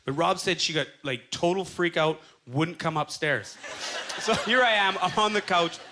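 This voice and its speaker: A Canadian man in his thirties performing a stand-up set, telling stories with quick acted-out quotes on a club stage. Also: high voice, noisy background. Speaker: stand-up comedian. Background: faint audience laughter.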